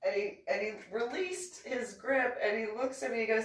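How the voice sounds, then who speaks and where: A woman, a reverend, casually telling stories in a chatty, animated way and giggling often. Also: on the high side, normal speed. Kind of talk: casual storytelling. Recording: echoey room, distant from mic.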